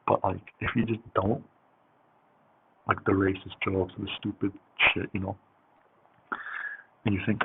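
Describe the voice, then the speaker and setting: A man's voice: lowish voice, flat delivery, moderate pace, pauses often, husky. A man telling a story in a casual, rambling way, with lots of fillers and swearing. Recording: tinny phone-like audio with faint hiss.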